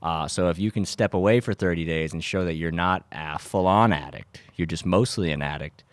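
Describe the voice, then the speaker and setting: A young man, a podcast host rambling in a sarcastic deadpan way with lots of filler words. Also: low voice, brisk, dry recording. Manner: dry sarcastic delivery with frequent filler words. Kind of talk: rambling deadpan comedic monologue.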